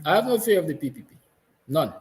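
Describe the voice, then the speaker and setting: A man's voice: a little high, big pitch swings, fast talker, poor audio. A Guyanese man hosting a morning talk show, delivering an impassioned monologue with emphatic repetition, at times close to tears. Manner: fiery, emphatic, repeats lines; soft, tender passages. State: emotional, near tears. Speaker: host.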